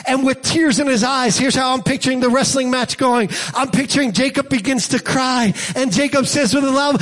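A man preaching a sermon, with rhythmic repetition building to loud, dramatic peaks. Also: very high-pitched, steady tone, moderate pace, hardly any pauses. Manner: preaching with dramatic acted-out scenes and shouted peaks. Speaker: pastor.

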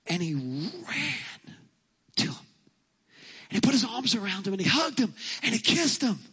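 A man's voice: sits high, sing-song, a little slow, fairly bright tone, slightly rough, low-quality recording. A male pastor preaching a sermon in an emphatic style, telling a story and driving home points by repeating them.

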